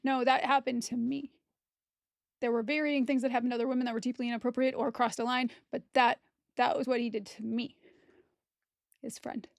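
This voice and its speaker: A woman's voice: a little high, flat delivery, fairly quick, vocal fry, pauses often, no room sound, clean studio sound. A woman content creator giving a personal testimony straight to camera, blunt, heated and profane.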